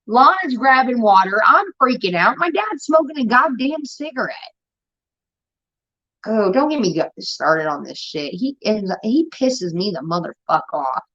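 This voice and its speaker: A young woman telling rambling, profane stories in casual chat, getting animated as she retells them. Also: fairly high pitch, unhurried. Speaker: show host. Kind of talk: casual storytelling rant. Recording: dull lo-fi stream audio.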